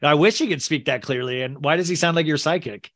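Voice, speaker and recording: A man hosting a podcast who tells stories in an animated, playful way. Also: fairly high pitch, fast talker, very noisy. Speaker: podcast host. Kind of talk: casual podcast chat.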